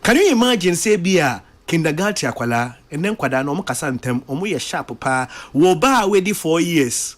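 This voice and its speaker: A man's voice: fairly high pitch, sing-song, normal speed, few pauses. A man with a Ghanaian accent giving a daily devotional sermon on the radio, mixing English and Twi and repeating key lines for emphasis. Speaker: radio preacher.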